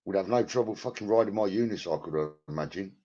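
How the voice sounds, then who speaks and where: Fast-talking, low-pitched and warm with a slightly rough texture, a man casually addresses his live-stream viewers from home on a headset. He rambles, swears a lot, keeps it crude, and banters with people in chat as he greets them by name, all in dull, lo-fi sound.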